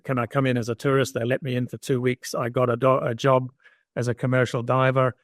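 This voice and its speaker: A man's voice: medium pitch, dry recording. An older man, a podcast guest, telling a long personal story in conversation and acting out the dialogue he quotes. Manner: anecdotal, acts out quoted dialogue. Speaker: guest entrepreneur.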